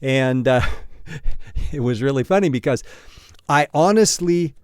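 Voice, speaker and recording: A man's voice: medium pitch, a little slow, clean tone, no room sound, studio quality. Profane, chuckling male podcast host. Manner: blunt and profane, with frequent chuckles; self-deprecating storyteller. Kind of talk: casual solo podcast monologue.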